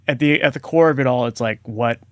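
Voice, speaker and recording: A man's voice: mid-range voice, a bit bright, no echo. Podcast host man on a dry mic. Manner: reflective, quick asides, heavy use of "like". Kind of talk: casual interview chat.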